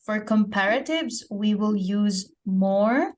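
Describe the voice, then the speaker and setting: A patient woman teaches grammar in an unhurried, measured way. She explains each rule step by step and keeps checking with her student before moving on. Her voice sits in an ordinary middle register. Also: mid-range voice, lively intonation, a little mellow. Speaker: English teacher. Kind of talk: online grammar lesson.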